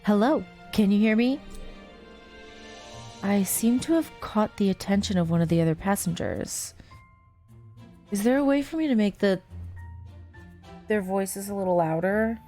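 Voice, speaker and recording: A woman's voice: mid-range voice, animated, measured pace, long pauses, mellow, faint music behind. A young woman playing a story game, reading its text aloud with chatty, giggly asides. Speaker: let's play host.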